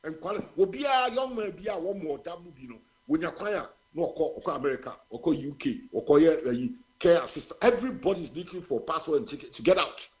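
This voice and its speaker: This is an older Ghanaian man phoning in to a talk radio program, and he is outraged at the country's leaders. His voice sits high and rises and falls widely as he drives his points home. He mixes Twi and English freely, hammering each word of condemnation. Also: expressive, fast talker, few pauses. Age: 70s. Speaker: caller. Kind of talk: heated political call-in.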